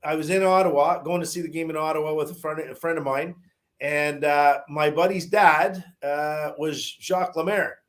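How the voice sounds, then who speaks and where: A man's voice: on the high side, steady tone, normal speed. A man telling a long casual story, rambling with many restarts, fillers and some swearing.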